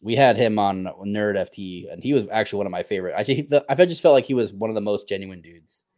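A man appearing as a podcast guest, talking in easygoing, halting casual chat with lots of fillers. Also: fairly low pitch, darkish tone, no room sound, clean studio sound. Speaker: podcast guest and host of other shows.

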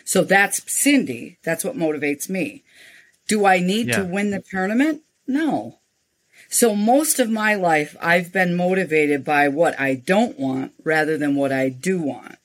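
An older woman, a nonprofit founder, speaking as an interview guest and telling frank, animated stories. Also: on the low side, measured pace. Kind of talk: interview storytelling.

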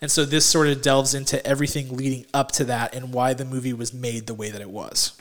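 A man co-hosting a casual movie podcast, excitable and gushing, with many "like"s and restarts. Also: mid-range voice, fairly quick. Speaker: podcast co-host.

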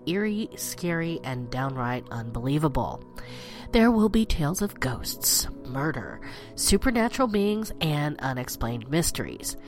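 Woman host, low voice, congested and stuffy, playful chat with dramatic swings, faint music underneath. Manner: chatty and playful, dramatic swells in pitch. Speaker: podcast host. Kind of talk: spooky storytelling podcast.

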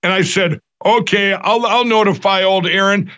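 A man's voice: high voice, fairly even intonation, normal speed, bright, forceful tone, highs cut off. A middle-aged man telling a story in an interview, agitated and acting out the dialogue with many restarts. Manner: agitated, acts out quoted dialogue, frequent restarts. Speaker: guest recounting an event.

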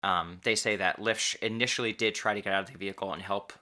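Podcast host, male, low and bright, casual storyteller who slows down to stress key words. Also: steady tone. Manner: halting, restarts and stretched emphasis on key words.

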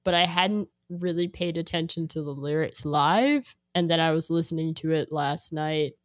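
A young adult woman chatting casually, rambling and filling her speech with "like", growing animated when she quotes herself. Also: low-pitched, moderate pace, no echo, studio quality. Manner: rambling, heavy use of "like", animated when quoting. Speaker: guest sharing a playlist. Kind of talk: casual chat.

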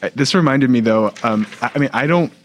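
A man's voice: medium pitch, slight background noise. A man co-hosting a podcast, chatting casually with playful quips and a rambling personal story. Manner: quick playful reactions and rambling anecdotes. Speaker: podcast co-host. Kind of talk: casual chat.

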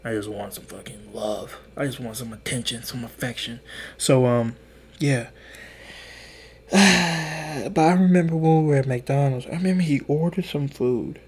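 A twenty-something man hosts a podcast in a slightly rough, mid-range voice at a normal pace. His casual monologue wanders through profane stories, and he keeps restarting and voicing other people's quotes.

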